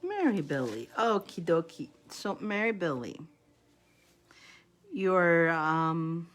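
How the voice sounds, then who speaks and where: A woman's voice: on the low side, sing-song, slow. A woman giving live-stream tarot readings, chatty, repeating names and laughing often between readings. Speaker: tarot reader.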